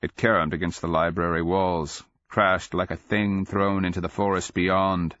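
Low-voiced man narrating a grave fantasy. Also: little pitch movement, a bit bright, muffled recording. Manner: measured, grave storytelling that swells for action. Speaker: audiobook narrator. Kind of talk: dramatic fantasy audiobook narration.

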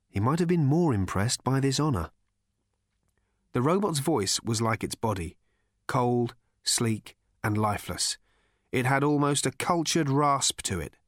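A man narrating a story in scripted audiobook style, with a dry, wry, measured delivery. His pitch moves a lot, rising and falling across phrases. The recording is dead and close, with no room sound. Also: no room sound.

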